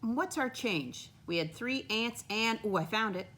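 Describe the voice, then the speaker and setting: A woman teaching young children from her home, speaking slowly in a patient sing-song that coaxes them along. Her voice is a little off the mic in an echoey room. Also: a little high, lively intonation, a bit bright, recorded from a distance, a little hiss or hum. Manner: slow, sing-song, encouraging, addresses kids as "my friends". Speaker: first grade teacher. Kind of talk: remote lesson for young children.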